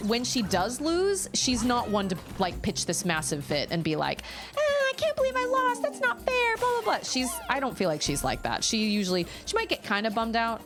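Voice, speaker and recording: A woman chatting casually with her viewers while streaming a game from home, rambling through stories in an expressive way. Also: mid-range voice. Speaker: gaming streamer. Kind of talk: casual livestream chat while gaming. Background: faint game music.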